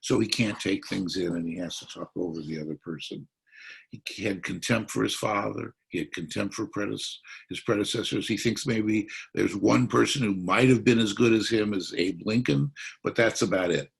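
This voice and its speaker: A man's voice: lowish voice, moderate pace, creaky, breathy edge. A man speaking as a psychiatrist at a political forum, explaining his analysis.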